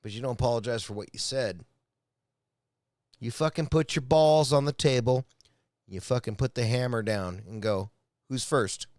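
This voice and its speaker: A man's voice: mid-range voice, normal speed, pauses often, a little mellow, no room sound, clean studio sound. A man reacting to a clip in a casual rant, profane and agitated, often stumbling and repeating words.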